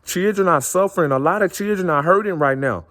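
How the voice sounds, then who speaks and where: A man's voice: high-pitched, a little fast, fairly bright tone. A man speaking in an earnest, impassioned monologue, circling back and repeating his phrases. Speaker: vlogger.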